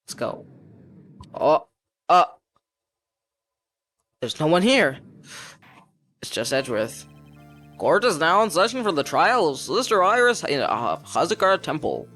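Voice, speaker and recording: A man's voice: on the high side, big pitch swings, a little slow, pauses often, pushed and bright, dry recording. A man streaming a game, reading all the characters' lines aloud in his own voice and laughing at the game as he goes. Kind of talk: casual gameplay reading with commentary. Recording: music behind voice. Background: faint game music.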